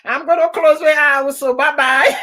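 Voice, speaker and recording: A woman hosting a casual live stream, laughing often and heartily as she chats and repeats her warm goodbyes and thank-yous. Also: high voice.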